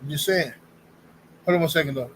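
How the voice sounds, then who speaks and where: A man's voice: fairly high pitch, brisk, a little hiss or hum, low-quality recording. A man in his forties hosting a livestream, talking bluntly and slangily in casual commentary. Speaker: livestream host.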